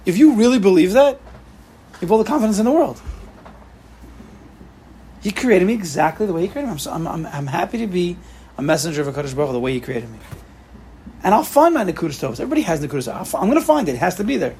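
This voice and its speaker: A man's voice: high voice, very animated, rapid-fire, long pauses, mellow, slight background noise. A man giving an informal class to students, emphatic, repeating key phrases and mixing in Hebrew and Yiddish terms. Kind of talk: informal lecture with questions to students.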